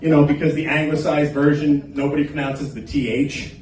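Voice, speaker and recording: Male stand-up comic, crude crowd-teaser, fairly high voice, heard from afar in a roomy club. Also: flat delivery, a little fast, a little mellow, slight background noise. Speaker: stand-up comedian. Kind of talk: open mic stand-up set. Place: small comedy club stage. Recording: echoey club, recorded from a distance.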